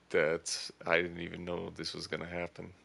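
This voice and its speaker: A man giving casual, excitable gaming commentary, thinking aloud as he plays. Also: low voice, creaky, slight background noise. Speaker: gaming streamer.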